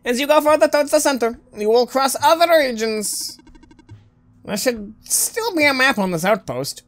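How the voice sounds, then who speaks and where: A woman voicing a formal robot who speaks grandly and solemnly while explaining a dark world. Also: sits high, lively intonation, moderate pace, soft background music, pitched above the performer's own voice. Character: eager, formal robot who greets a savior.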